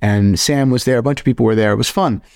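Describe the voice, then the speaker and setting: A young man co-hosting a podcast, telling animated stories in casual, profane chat. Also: mid-range voice, quick pace, gravelly, no room sound, clean studio sound. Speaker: podcast co-host.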